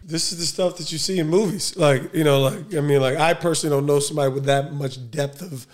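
A podcast host conducts a casual interview, asking questions loosely and conversationally with plenty of fillers and restarts. He talks fast in a slightly high voice with a steady tone.

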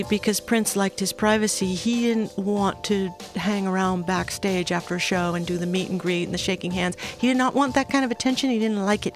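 An older woman recalls her touring days in a relaxed, reflective storytelling voice, pausing and restarting now and then. Her pitch sits in an ordinary middle range. Faint music plays quietly underneath. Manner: unhurried and reflective, with small restarts. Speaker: guest, former recording technician. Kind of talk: storytelling interview.

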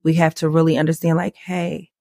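Animated woman telling her story, candid and lively. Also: fairly quick, dry recording, clean studio sound. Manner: animated, acts out quoted dialogue in a higher voice. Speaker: podcast guest.

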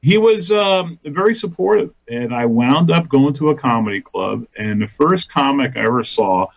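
A middle-aged man chats as a comedian guest, telling long rambling stories and breaking into laughter as he acts out what people said. His voice is husky and a bit breathy, at an ordinary pitch for a man. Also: animated, moderate pace, low-quality recording. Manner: rambling storyteller, laughs often, acts out quotes. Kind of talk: casual interview chat.

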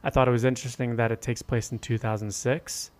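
A man's voice: mid-range voice, flat delivery, fast. A man co-hosting a podcast, chatting casually about books and steering the talk into each next topic. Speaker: podcast co-host. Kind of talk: casual book-club chat.

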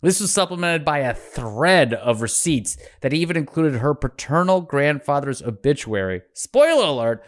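A man's voice: on the high side, big pitch swings, moderate pace, few pauses. A man hosting a podcast in casual, joking chat, laughing often and swearing freely. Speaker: podcast host.

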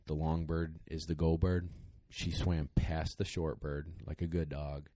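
A man's voice: a bass voice, unhurried, dry recording. A young man, a dog trainer, casually telling a podcast story in a rambling, emotional way with lots of fillers. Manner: rambling, excited, many fillers.

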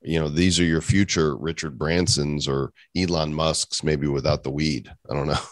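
A male podcast co-host with a very deep voice, talking in a loose, jokey way. His voice sounds dry and close, with no room around it. He laughs easily and reads out listener reviews. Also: fairly even intonation, normal speed, dry recording. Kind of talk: casual podcast chat.

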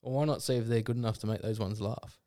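A man's voice: lowish voice, steady tone, fast talker, dark tone, no room sound, clean studio sound. A man, a comedian guest chatting casually, laughing often, swearing and retelling jokes in voices. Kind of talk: casual chat.

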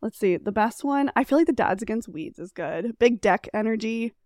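A young woman co-hosting a casual chat, bubbly and enthusiastic, quick to laugh. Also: fairly high pitch, expressive, darkish tone, no echo, studio quality. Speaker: podcast co-host.

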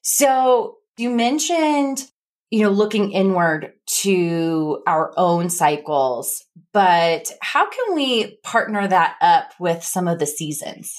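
A woman from the American Midwest hosting a podcast, chatting in an animated way and acting out her own quotes. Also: on the low side, slow. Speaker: podcast host. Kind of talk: casual podcast chat.

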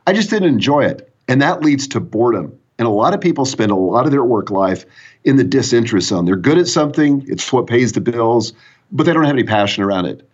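A man speaking as a podcast guest and business coach, telling an animated anecdote. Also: medium pitch, a little fast, breathy edge, dull audio. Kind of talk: conversational storytelling.

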